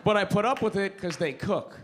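A man's voice: high voice, expressive, brisk. A young man performing a crude, self-mocking stand-up comedy set on a club stage. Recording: live club recording with audience noise.

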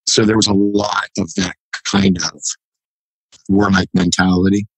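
A man being interviewed on a podcast, telling stories in a halting, reflective way. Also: low-pitched, little pitch movement, no echo, rough recording. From United States. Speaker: podcast guest, jiu-jitsu black belt. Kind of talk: casual interview, storytelling.

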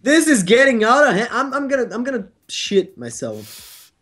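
A man's voice: very high voice, huge pitch swings, moderate pace, fairly bright tone. A young man chatting while gaming, making crude jokes and dramatic complaints. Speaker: co-player. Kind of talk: casual gaming chat.

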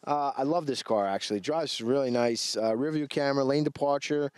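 A man's voice: medium pitch, a little fast, darkish tone, clean tone, no echo. A man, presenting cars in a dealership commercial, chatty and hesitant with many fillers. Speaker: car salesman co-host. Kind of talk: unscripted car dealership commercial banter.

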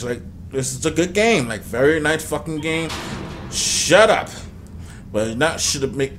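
Excitable cursing young gamer guy. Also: medium pitch, creaky, slight background noise. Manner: excitable, swears a lot, talks to the game and to viewers. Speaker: gaming YouTuber. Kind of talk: let's play commentary.

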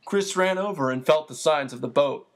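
Steady audiobook narrator. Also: mid-range voice, normal speed. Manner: steady, even storytelling with an occasional small slip. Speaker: audiobook reader.

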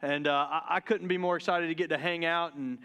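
Excitable pastor, high smooth voice. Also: male voice, a little fast. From Deep South of the US. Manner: joking, excitable, stumbles and restarts. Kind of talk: casual sermon. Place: church sanctuary.

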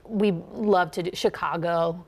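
A woman with a Minnesotan accent works as a dialect coach in a relaxed interview. Her voice has a gravelly fry running through it. She laughs easily and drags out sample phrases to show the sounds. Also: lowish voice. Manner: animated, laughs often, models sounds slowly. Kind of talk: casual interview, demonstrating accents.

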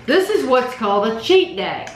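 A woman's voice: on the high side, very animated, normal speed, noisy background. A woman hosting a casual taste-test vlog, describing each flavor in detail with frequent restarts. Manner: chatty, descriptive, restarts often. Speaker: vlog host. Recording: echoey room, clattering dishes.

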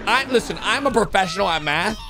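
A man commenting excitedly on cartoon animations, jumping between low murmurs and sudden shouts and gasps. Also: fast talker, gravelly. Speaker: gaming YouTuber. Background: background music.

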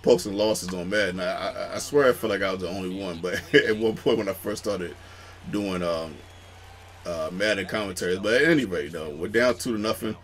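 Man, young adult, lowish voice, calm, rambling, gameplay commentary. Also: brisk, slight background noise. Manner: relaxed, rambling, many fillers. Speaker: gaming channel host.

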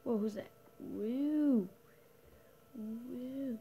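A woman's voice: on the high side, moderate pace, creaky, warm tone, poor audio. Giggly woman playing a game. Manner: giggly, self-mocking asides. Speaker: player reading a game aloud. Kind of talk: let's-play commentary.

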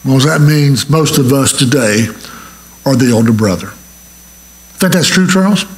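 A man preaching a sermon as pastor, animated and asking the congregation questions. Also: medium pitch, unhurried, echoey room, a little hiss or hum, rough recording.

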